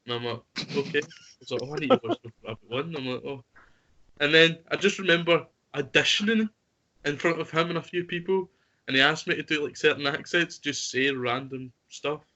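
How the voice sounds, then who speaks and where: Young male co-host, bright and excitable, slightly high, lo-fi. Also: fairly quick. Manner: chatty, excitable storytelling. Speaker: podcast co-host. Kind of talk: casual chat among friends.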